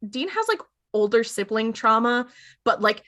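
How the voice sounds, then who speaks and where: A woman's voice: fairly high pitch, very animated, normal speed, bright, forceful tone. A woman co-hosting a podcast, recapping a TV episode in casual, filler-heavy chat. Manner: chatty, filler-heavy, retells scenes with quoted lines. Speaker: podcast co-host.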